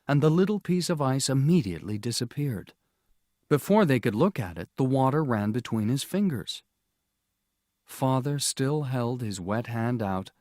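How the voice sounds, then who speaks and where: A man narrating a storybook audiobook in a slow, measured, clear reading style. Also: medium pitch, a little mellow, no echo, studio quality.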